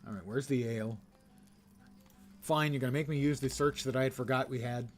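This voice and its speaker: A man's voice: medium pitch, a little fast, soft background music. An older man casually commenting on his gameplay while streaming, chatty and wry, with muttered asides to chat. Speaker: game streamer.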